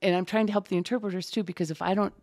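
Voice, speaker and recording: A woman's voice: medium pitch, rapid-fire. A woman working as a closed captioner, talking casually and animatedly as a guest in an interview. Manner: chatty, animated storyteller.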